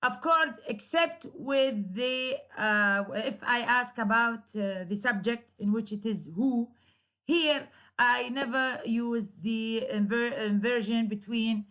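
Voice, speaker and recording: Slow, hesitant woman lecturing on grammar. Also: fairly high pitch, a bit bright. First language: Arabic. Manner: slow, careful explaining with frequent hesitations. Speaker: university lecturer.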